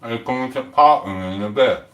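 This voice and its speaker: A man's voice: mid-range voice, fast, fairly bright tone, far from the mic. Rambling British man streaming in an echoey room. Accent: British English. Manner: rambling, talks to chat, mumbled fillers. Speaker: livestreamer. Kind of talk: casual live stream chat.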